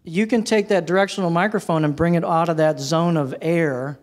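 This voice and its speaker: A man presenting a live workshop on using microphones, talking in a relaxed, conversational way and asking his audience questions while he switches between handheld and headset mics. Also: a little high, fairly quick. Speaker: presenter teaching microphone technique. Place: presentation room with a sound system. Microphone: handheld and headset microphones, switched during demo.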